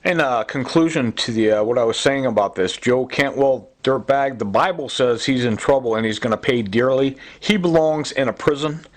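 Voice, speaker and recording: A man's voice: medium pitch, normal speed, hardly any pauses. A middle-aged man giving a rambling, agitated personal testimony, full of fillers and repeats. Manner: agitated, repetitive, many fillers. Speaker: self-recorded complainant.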